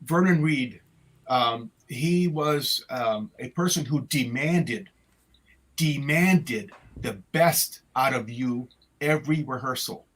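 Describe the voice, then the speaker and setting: An older man, a retired music teacher, telling stories from his past in a halting way with many restarts, speaking over a video call. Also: mid-range voice, a bit bright, low-quality recording. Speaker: retired music educator, guest. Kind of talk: conversational storytelling.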